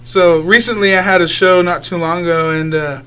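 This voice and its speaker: A man's voice: high-pitched, fairly even intonation, moderate pace, fairly bright tone, smooth. A young man, a guest singer, talking casually in a radio interview, rambling with lots of filler words and easy laughs. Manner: rambling, many filler likes, laughs easily.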